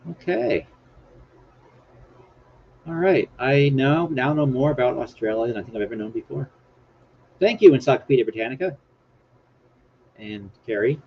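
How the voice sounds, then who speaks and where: A man hosting a casual live stream, rambling along and poking fun at himself as he reads bits off his screen. His voice sits at an ordinary middle pitch. The audio is dull and lo-fi, with a faint hiss underneath. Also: normal speed, gravelly, pauses often. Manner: rambling, self-mocking, reads from screen aloud. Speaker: livestream host.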